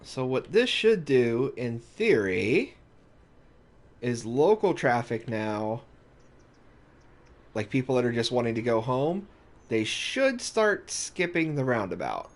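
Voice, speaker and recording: A man's voice: medium pitch, big pitch swings, slow, long pauses. A man giving casual let's-play commentary, rambling and thinking aloud with restarts as he plays. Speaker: gaming YouTuber.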